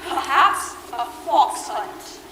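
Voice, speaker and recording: A woman's voice: high voice, expressive, drawn-out words, full character voice. A young woman in a school stage play playing a haughty, imperious aristocratic lady who talks in a blunt, lofty way. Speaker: high school actor. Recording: echoey hall, distant mic, noisy.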